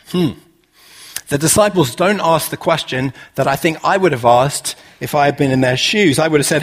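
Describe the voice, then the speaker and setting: A man preaching a relaxed, conversational sermon, full of "uh" fillers and rhetorical questions. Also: fairly high pitch, moderate pace.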